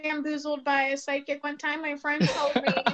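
Animated high-voiced woman telling stories. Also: moderate pace, over music. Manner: animated storyteller, acts out quoted voices, laughs often. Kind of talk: casual chat, storytelling.

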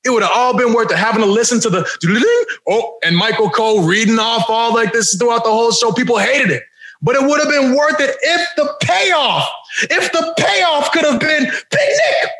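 High, excitable teasing man. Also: a little fast. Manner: excitable, teasing, laughing, often shouting. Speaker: podcast co-host. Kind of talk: casual chat. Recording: echoey room.

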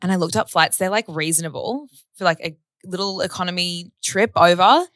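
A woman co-hosts a casual podcast, telling stories in a chatty, animated way. Her voice sits fairly low, and the sound is dry and close to the mic. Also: a little fast, no room sound. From Australia. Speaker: podcast co-host. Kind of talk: casual chat.

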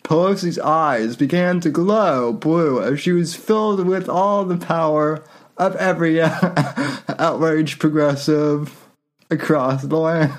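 A man's voice: fairly high pitch, takes it slowly. A man hosting a podcast, reading satire aloud in casual commentary and often breaking into laughter. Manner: laughs while reading, loose and irreverent; frequent fillers and restarts. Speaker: podcast host.

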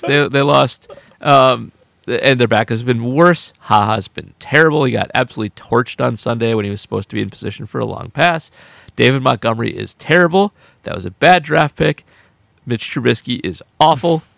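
A man's voice: mid-range voice, animated, moderate pace, creaky, fairly bright tone, no echo. A man co-hosting a sports podcast, talking casually, laughing often and gleefully boasting about his predictions. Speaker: podcast co-host, football writer.

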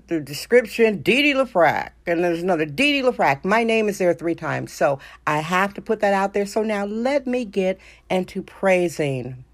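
A middle-aged woman from Wisconsin hosting her own show, talking in an emphatic, self-assured and opinionated way. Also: mid-range voice. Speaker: podcast host. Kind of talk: casual monologue.

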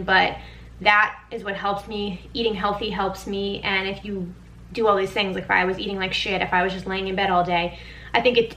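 Chatty young woman with a bright voice. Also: medium pitch, a little hiss or hum, low-quality recording. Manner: chatty, frequent "like" and swearing. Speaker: podcast host. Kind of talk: candid personal monologue.

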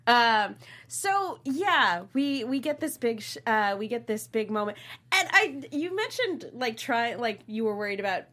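Slow, bright, high-voiced woman host. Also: very animated. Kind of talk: casual chat.

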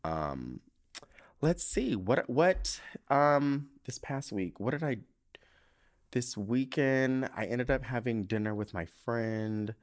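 A man's voice: medium pitch, lively intonation, takes it slowly. A man hosting a casual solo podcast into a microphone, rambling and emotional and swearing freely as if he were on the phone. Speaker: podcast host.

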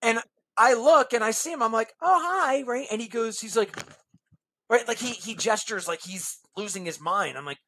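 A man, a guest on a podcast interview, telling a long personal anecdote in a lively way and acting out other people's lines. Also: high-pitched, normal speed.

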